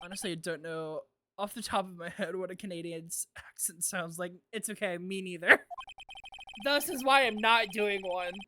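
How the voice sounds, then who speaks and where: A woman's voice: lowish voice, moderate pace, noisy background. A young woman streamer chatting playfully and giggling between lines while she reads a game aloud. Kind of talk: casual chat during a game reading.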